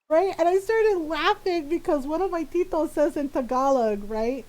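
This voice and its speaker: High-voiced woman streamer telling stories. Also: moderate pace, few pauses, poor audio. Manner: chatty storyteller, laughs often; quiet muttering while decorating in game. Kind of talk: casual live-stream chat while gaming.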